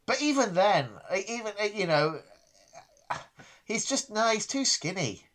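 A man's voice: sits high, big pitch swings, unhurried, fairly bright tone. A man co-hosting a podcast in casual chat, dry and self-deprecating, often restarting his sentences. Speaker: podcast co-host.

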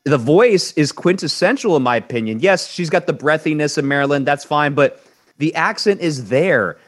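A man's voice: a little high, animated, normal speed. A man of Cuban descent co-hosting an entertainment news show, giving a blunt, emphatic opinion and often repeating words as he builds his point. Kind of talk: opinionated co-host chat.

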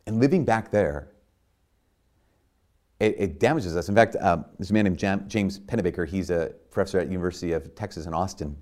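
A man's voice: sits low, fairly quick, a little mellow. A man preaching a sermon in an earnest, conversational way, with many fillers and restarts.

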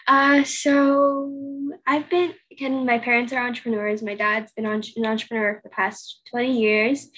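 A young woman of eighteen, a podcast guest, talks in a loose, chatty way, full of "like" and "you know". Her voice sits fairly high and has a soft, breathy edge. She keeps slipping into quoting her own past thoughts. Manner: chatty, filler-heavy storytelling with acted-out inner quotes. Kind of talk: casual interview conversation.

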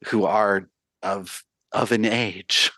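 A man's voice: lowish voice, fairly even intonation, slow pace, sharp tone, dry recording. A middle-aged man hosting a podcast interview, asking long questions filled with "um" and "you know". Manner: rambling questions with many fillers.

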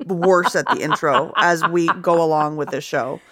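A woman's voice: sits low, fairly bright tone. Chatty young woman podcast host. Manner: chatty, laughs often, quick asides. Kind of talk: casual chat.

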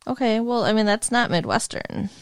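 A woman from Michigan co-hosting a podcast, chatting quickly and casually about a movie. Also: fairly high pitch, animated, no room sound. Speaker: podcast co-host.

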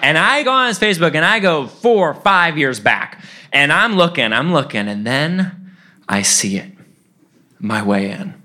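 A man in his twenties tells a funny personal story live to an audience. His bright, forceful voice leaps around in pitch, and laughter keeps breaking into his lines. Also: big pitch swings, measured pace.

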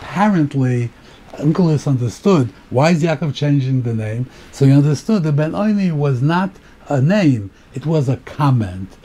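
A man's voice: a little high, lively intonation, mellow, slightly rough. Man lecturing, mixing Hebrew terms. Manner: halting, repeats words while thinking; mixes Hebrew terms into English. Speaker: rabbi teaching Torah. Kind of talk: Torah lecture.

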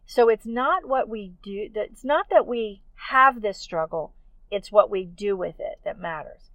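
A woman speaking as a podcast host in a gentle, earnest and encouraging way, like a pastor addressing a small flock. Her voice sits in a middle pitch and is recorded dry, with a slightly dull, muffled tone. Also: lively intonation, a little slow, no echo. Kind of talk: encouraging faith-based podcast talk.

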